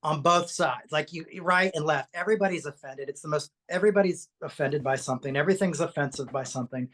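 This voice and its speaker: A co-host in casual podcast chat, animated and chatty, laughing easily. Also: medium pitch, fast.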